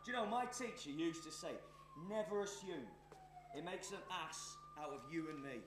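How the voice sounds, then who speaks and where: A man's voice: fairly high pitch, animated, moderate pace, reverberant, noisy background, close to an everyday voice. An actor playing a menacing, scheming male arsonist on stage, taunting and sneering. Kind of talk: stage play performance.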